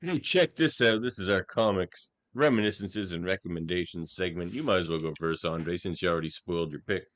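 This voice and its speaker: A man's voice: deep voice, brisk, hardly any pauses, no echo. A man from Nova Scotia co-hosting a podcast, talking in an easygoing, wry way. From Canada, Nova Scotia. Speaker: podcast co-host. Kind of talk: casual review chat.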